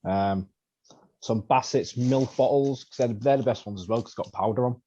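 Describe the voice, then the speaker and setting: Husky male co-host, dark tone, relaxed. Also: mid-range voice, normal speed, muffled recording. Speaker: co-host, journalist. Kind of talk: casual chat.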